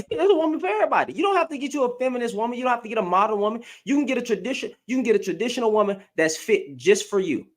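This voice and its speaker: A man's voice: very high voice, expressive, rapid-fire. A young man ranting through a reaction commentary at home into his webcam, repeating himself in disbelief. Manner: ranting, repeats phrases, incredulous. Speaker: commentary vlogger. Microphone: computer webcam.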